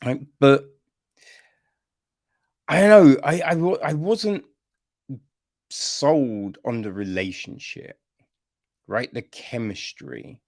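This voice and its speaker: A man's voice: medium pitch, takes it slowly, gravelly, long pauses, a little mellow, no room sound, studio quality. A man giving a casual film review on a podcast, exasperated, and ending his points with "right?". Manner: exasperated, repeats "right?" often.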